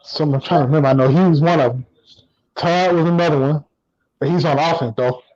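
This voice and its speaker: A man co-hosting a casual sports podcast, relaxed and repeating himself as he thinks. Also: a little high, a little fast, lo-fi sound. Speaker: podcast co-host.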